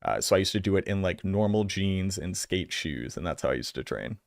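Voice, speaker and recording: A man's voice: sits low, expressive, a little fast, vocal fry, no room sound, studio quality. A young adult man with a Boston accent, rambling through casual reaction commentary with lots of filler words. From Massachusetts, US. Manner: rambling, filler-heavy storytelling. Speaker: streamer.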